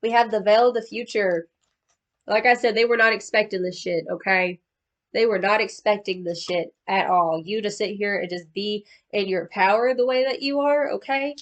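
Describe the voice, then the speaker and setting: A woman's voice: mid-range voice, moderate pace. A woman giving a casual tarot card reading in a slangy, profane, chatty way, calling the listener boo-boo. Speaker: tarot reader.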